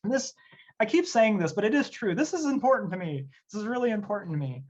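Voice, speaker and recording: An instructional designer from Tennessee leads an online workshop, earnest and conversational with plenty of fillers, his high, expressive voice quick and darkish in tone. He's on a computer mic in a video session, and the audio is dull and lo-fi.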